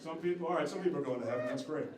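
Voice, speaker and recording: A man's voice: a little high, rapid-fire. A male comedian doing a stand-up set on a club stage, profane and self-deprecating as he teases the crowd. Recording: echoey club room.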